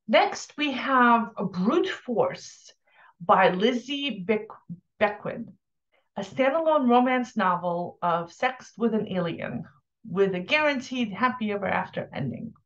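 A woman's voice: medium pitch, lo-fi sound. A woman giving casual, opinionated book reviews, talking candidly with lots of fillers and restarts.

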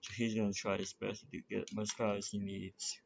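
A man with a lowish, gravelly voice rambles nervously through his game, swearing as he goes. The recording is dull and lo-fi, with loud noise and the clicking of a keyboard behind him. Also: little pitch movement, brisk. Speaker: gamer. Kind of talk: rambling gameplay commentary. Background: keyboard clicks and typing.

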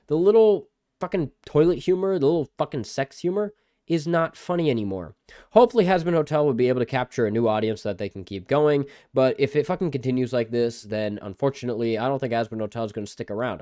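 A man's voice: mid-range voice, darkish tone, no echo, clean studio sound. A man reviewing a show in a mock rant, swearing constantly with a sarcastic edge. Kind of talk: profanity-laden mock rant.

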